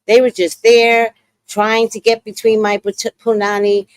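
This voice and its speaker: A woman hosting a podcast, recapping a reality show in a casual, animated way and acting out what people said. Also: a little high, a little slow, dry recording. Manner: animated, exclaims and acts out quotes. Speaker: podcast host.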